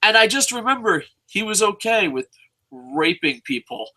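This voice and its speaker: Co-host, male. Profane, animated ranter with a piercing, fairly high voice. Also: moderate pace. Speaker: podcast co-host. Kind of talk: casual chat.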